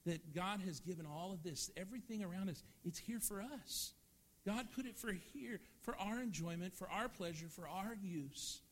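A middle-aged male pastor preaching a sermon in a church, earnest, swinging from loud emphasis down to hushed, soft lines. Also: medium pitch, husky.

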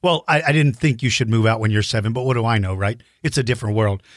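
A woman's voice: rumbling low, fast talker, dry recording, clean studio sound. A woman hosting a playful chat with a child over a video call, joking and teasing with silly sound effects. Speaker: host.

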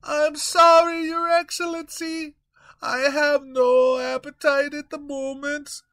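A man's voice: extremely high pitch, little pitch movement, slow, bright, forceful tone, voice pushed up, heavily acted. A man voicing a timid, fretful male servant who apologizes and pleads anxiously in a comedic audio story. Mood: worried.

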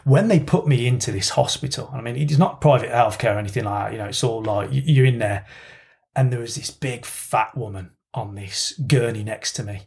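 A man's voice: mid-range voice, brisk, vocal fry, a little mellow. A man telling a long, rambling story in casual podcast banter, swearing freely.

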